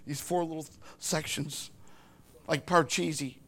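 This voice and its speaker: An older man with a high, gravelly voice that has a sharp, bright edge. He tells a personal story as a grandfather, rambling and halting, often breaking off and starting his sentences again. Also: steady tone. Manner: rambling, halting speech with frequent restarts.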